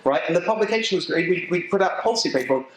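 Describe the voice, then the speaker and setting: A middle-aged man with an English accent giving an animated, emphatic talk to a local political group, joking with the audience as he goes. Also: sits high, racing. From England. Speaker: political speaker. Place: event venue with a live audience. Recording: echoey room.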